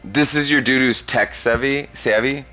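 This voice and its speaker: A man's voice: mid-range voice, steady tone, moderate pace, pushed and bright, faint music behind. A young man streaming, chatting casually with a young viewer, crude and profane, rambling and laughing often. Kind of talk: casual chat.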